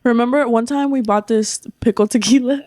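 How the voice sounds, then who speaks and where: A woman's voice: a little high, steady tone, normal speed, darkish tone. A woman guest on a casual podcast. She sounds upbeat and easygoing and keeps cheering the host on. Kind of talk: casual chat.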